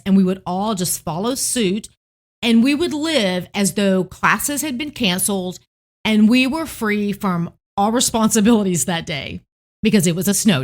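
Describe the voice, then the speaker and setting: A middle-aged woman from Tennessee, hosting a devotional podcast and gently reminiscing. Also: medium pitch. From Tennessee, United States. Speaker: podcast host.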